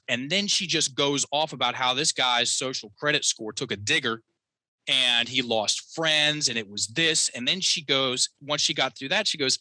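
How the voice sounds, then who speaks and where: A man telling a personal story as a podcast guest, animated and acting out the quotes in his story. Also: medium pitch, a little slow, no room sound. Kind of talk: storytelling in a conversational interview.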